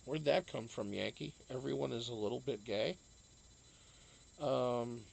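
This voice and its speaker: A man with a gravelly, creaky voice hosts a casual live stream at an unhurried pace. He rambles through viewer comments, cracks jokes and swears offhandedly. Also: mid-range voice, poor audio. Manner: rambling, jokey, swears, talks to chat by name. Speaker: live-stream host reading chat.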